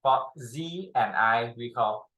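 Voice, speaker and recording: A tutor runs a pronunciation drill lesson, speaking halting English with many pauses and modeling each sound for learners to repeat. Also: medium pitch, bright, forceful tone. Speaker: Chinese tutor. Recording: echoey room.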